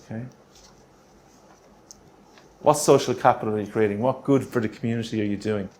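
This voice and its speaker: A man presenting a grant writing workshop, punchy and energetic, checking in with the room with quick rhetorical questions. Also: on the low side, a little hiss or hum. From Australia.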